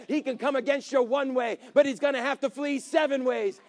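A man preaching with a strikingly high-pitched voice. He tells the story with energy, acting out the characters and drawing the congregation in with questions. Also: brisk. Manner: animated, acts out characters, calls to congregation. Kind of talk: sermon storytelling.

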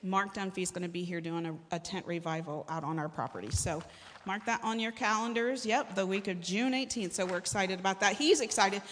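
A woman's voice: medium pitch, brisk, fairly bright tone, long reverb tail, slight background noise. A woman pastor giving church announcements, often affirming with "amen.". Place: church sanctuary.

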